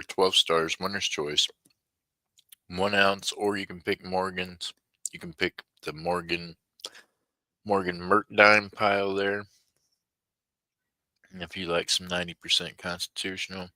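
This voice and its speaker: A man from the United States hosts a live online auction, chatting with viewers in a folksy, laid-back way. His voice sits low with a level tone, and he talks a little slowly with long pauses, sounding pushed and bright. The recording has no echo.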